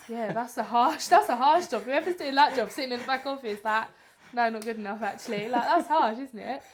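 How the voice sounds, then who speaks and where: A woman's voice: high-pitched, brisk. A woman guest, an actress and drama teacher, chatting casually in a friendly, emphatic way. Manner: friendly, emphatic, laughs easily. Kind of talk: casual chat.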